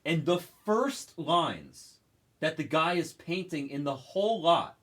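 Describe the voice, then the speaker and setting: A man hosting a live card break, telling a story in an animated, profane rant. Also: fairly high pitch, slow.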